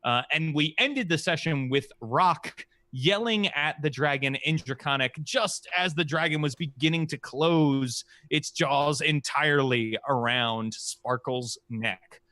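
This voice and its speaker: Brief: male game master, slow and halting delivery, bright tone, dry close sound. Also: a little high, no echo. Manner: halting, many "uh" fillers. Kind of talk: recapping and narrating a tabletop game.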